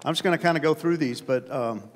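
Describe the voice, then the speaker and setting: A man moderating a Q&A in a relaxed way, with fillers. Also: a little high, fast. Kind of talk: casual announcements and questions. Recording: long hall reverb.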